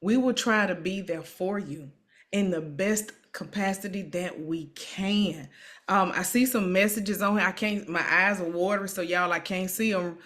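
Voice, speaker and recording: In a medium-pitched, slightly bright voice at a moderate pace, this woman hosts an emotional live-stream interview. She keeps encouraging her guest and often says things twice.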